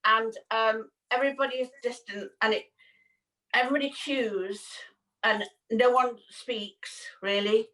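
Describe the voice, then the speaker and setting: High bright-voiced chatty woman. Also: steady tone, a little slow, far from the mic, low-quality recording. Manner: chatty storyteller, laughs often, acts out quoted voices. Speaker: co-host. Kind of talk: casual chat.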